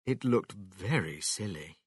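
A man reading a children's story aloud in an expressive storytelling manner. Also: low voice, slow pace, breathy edge, no room sound, studio quality.

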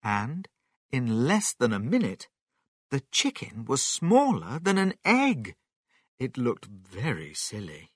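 Slow, very expressive storybook narrator. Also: male voice, medium pitch, husky, dry recording, studio quality. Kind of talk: children's story reading.

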